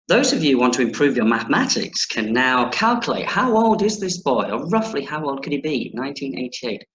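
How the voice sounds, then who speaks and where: A man's voice: medium pitch, very animated, a little fast, hardly any pauses, fairly bright tone, lo-fi sound. A man teaching children in an online reading lesson, playful and jokey, then reading a story aloud with expression. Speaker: primary school teacher. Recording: echoey room.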